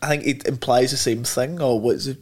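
A man's voice: medium pitch, steady tone, moderate pace, over music. A man co-hosting a podcast, animatedly retelling film scenes and acting out the lines. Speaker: podcast co-host. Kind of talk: casual chat recounting film scenes.

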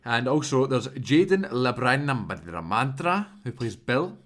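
A man's voice: medium pitch, big pitch swings, slow pace, a bit bright. A man co-hosting a podcast, running through the cast in informal, jokey chat. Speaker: podcast co-host. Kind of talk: casual chat.

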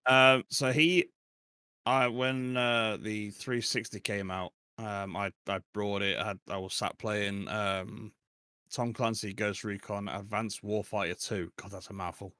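A man's voice: on the low side, steady tone, measured pace, sharp tone, clear, resonant tone, dry recording, clean studio sound. A middle-aged man speaking as a podcast guest in a rambling, self-deprecating chat, laughing often. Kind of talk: casual chat.

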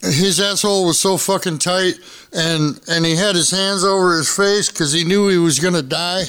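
A man tells a wild story on a podcast, swearing freely and acting out each quote. His voice sits somewhat high. He keeps the story rolling. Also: normal speed, clean tone. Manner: profane, animated, acts out quotes. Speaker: guest storyteller. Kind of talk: casual storytelling.

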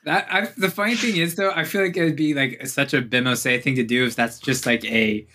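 A man playing in a tabletop game, making jokes and quick quips. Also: medium pitch, steady tone, bright, forceful tone. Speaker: player. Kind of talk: casual tabletop banter.

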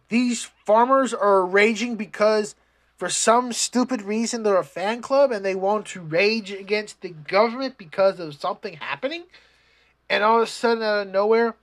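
A casual vlogger rambling through anime recaps, swearing freely, restarting sentences and getting animated when retelling scenes. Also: mid-range voice. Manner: profane, rambling, many restarts.

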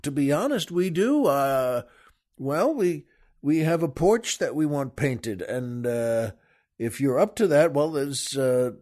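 Man playing sly rich homeowner, high giddy voice, hesitant then quick. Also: animated, darkish tone. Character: sly wealthy mansion owner, middle-aged man.

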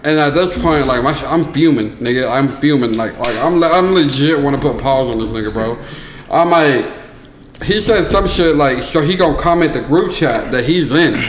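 A young man on a casual podcast, telling a story in an animated way with lots of crude slang. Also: mid-range voice, moderate pace. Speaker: podcast co-host. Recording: echoey room with faint noise.

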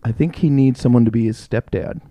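A man's voice: mid-range voice, fairly quick, mellow, no room sound. A man co-hosting a casual podcast, laid-back and teasing, often laughing. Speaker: podcast co-host. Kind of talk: casual chat.

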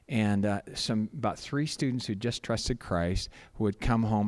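Male preacher, slightly low voice, storytelling sermon, halting with many restarts. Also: darkish tone. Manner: halting, repeats words, acts out quotes.

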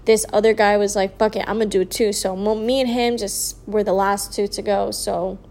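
Speaking in a mid-range voice with little pitch movement, a young vlogger casually tells a story about herself. She's sleepy and yawns, and her slow, drawn-out speech is full of "like" and soft trailing asides.

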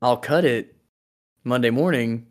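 A young man co-hosting a podcast. He rambles through casual chat, cracking jokes and breaking off mid-thought. His voice sits at an ordinary middle pitch. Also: measured pace. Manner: rambling, jokey, trails off and restarts. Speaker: podcast co-host.

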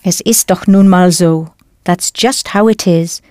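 A woman leading a scripted audio language lesson with clear, encouraging instruction. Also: fairly low pitch, measured pace, darkish tone, no room sound, clean studio sound. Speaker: language course teacher.

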